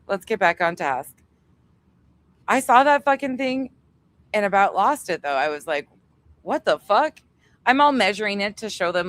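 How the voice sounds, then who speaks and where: Casual woman co-host, excitable and profane, outdoor livestream chat. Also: medium pitch. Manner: laughing, swearing, excitable storytelling. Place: outdoors at home.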